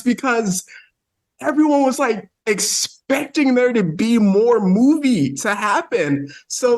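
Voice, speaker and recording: A man co-hosting a podcast, recapping a movie plot in a rambling, excited way. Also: high-pitched. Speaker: podcast co-host. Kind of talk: casual movie review chat.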